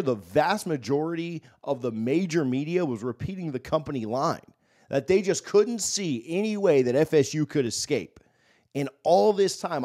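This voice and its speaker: A man's voice: mid-range voice, darkish tone. A man hosting his own channel, delivering a scripted, emphatic commentary monologue. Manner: confident, emphatic, predictive. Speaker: channel host.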